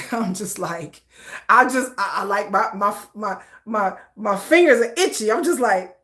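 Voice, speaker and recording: Female livestream host, casual chat, laughs a lot, teasing, bright tone. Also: mid-range voice, animated, unhurried. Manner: giggly, teasing, laughs often.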